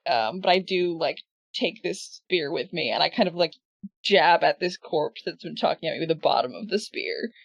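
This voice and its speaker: A woman's voice: low-pitched, lively intonation, normal speed, gravelly, no echo, muffled recording. A woman playing a tabletop horror game, describing her character's moves casually with fillers. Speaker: player. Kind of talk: tabletop role-play, describing a character's actions.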